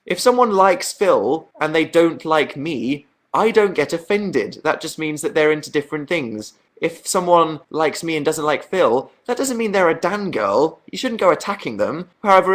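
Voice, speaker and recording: A man's voice: a little high, fairly bright tone. Chatty young Englishman on a livestream. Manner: chatty, self-deprecating, hesitant with restarts and laughs. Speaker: YouTuber answering viewer questions on a livestream. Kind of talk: casual livestream chat.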